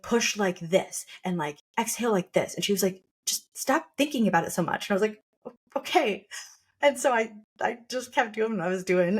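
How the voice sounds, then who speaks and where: Chatty young woman telling a story. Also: fairly low pitch. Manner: chatty, with frequent "like" fillers and quoted asides. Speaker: podcast host sharing her birth story. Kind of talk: casual conversational storytelling.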